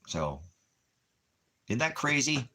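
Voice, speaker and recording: A man's voice: mid-range voice, big pitch swings, slow, background noise. A man ranting to his viewers in a rambling, profane, heated way, often restarting his sentences. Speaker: livestreamer addressing viewers. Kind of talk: casual profane rant.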